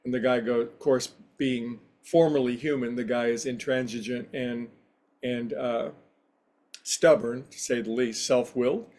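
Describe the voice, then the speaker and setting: A man's voice: mid-range voice, steady tone, unhurried, darkish tone. A man who teaches yoga and meditation, giving a casual spiritual talk in a rambling, anecdotal, conversational way.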